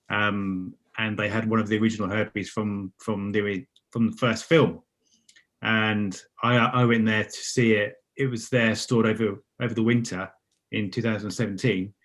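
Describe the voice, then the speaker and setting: A man in casual video-call chat, relaxed and anecdotal, as a panel regular. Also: on the low side.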